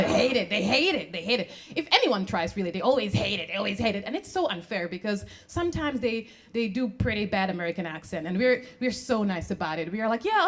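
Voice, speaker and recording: A young woman from the Czech Republic with a Czech accent, performing a stand-up comedy set in a club, animated and laughing at her own jokes. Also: mid-range voice. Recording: live club recording, audience noise.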